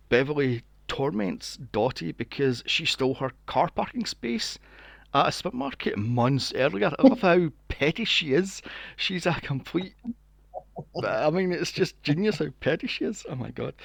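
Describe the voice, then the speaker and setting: A man co-hosts a podcast, chatting his way through a film recap with a gravelly, creaky edge to his voice. His pitch swings widely as he talks, and he swears freely. The sound is dry and close, with no room around it. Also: a little slow, no echo. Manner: animated, swears freely, acts out quotes in a mocking voice. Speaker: podcast co-host. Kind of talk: casual film recap chat.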